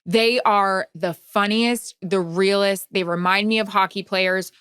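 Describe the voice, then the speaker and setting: A woman co-hosting a casual podcast, telling stories in an animated way and tossing in quick asides and the odd swear word. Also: mid-range voice, clean tone, no room sound. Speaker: podcast co-host and sports broadcaster. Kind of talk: casual chat.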